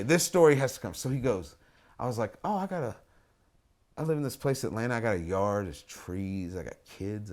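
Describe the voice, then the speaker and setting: Animated, profane man telling a story. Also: on the low side. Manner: animated, profane, swings between mumbling and loud acted quotes. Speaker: artist telling a story as interview guest. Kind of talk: casual storytelling. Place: lives in Atlanta.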